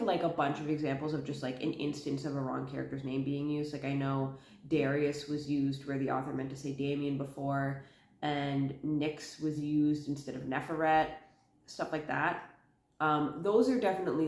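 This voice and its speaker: A low-pitched woman talks to the camera in a casual video essay, quick and chatty, rattling through lists with the odd "um". She is sick and has a cough drop in her mouth. The room around her rings with echo. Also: darkish tone. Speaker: book commentary vlogger. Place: indoor room at home. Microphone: camera in front of her. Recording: echoey room.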